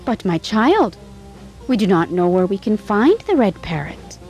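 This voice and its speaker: A woman's voice: medium pitch, very animated, unhurried, soft background music, poor audio. Woman playing a kind worried old king. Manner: gentle and reluctant.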